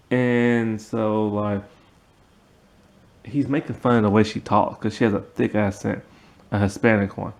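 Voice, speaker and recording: A man's voice: fairly low pitch, creaky, a little mellow. A man recapping a TV episode in a casual, rambling way, full of fillers. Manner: rambling, filler-heavy retelling. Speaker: TV episode reviewer.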